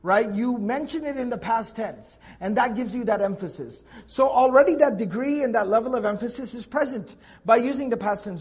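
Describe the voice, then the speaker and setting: A man with a high-pitched voice gives a tafsir lecture on the Quran. He explains patiently, leaning hard on the words he wants to stress. He often restarts his sentences as he thinks aloud. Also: breathy edge.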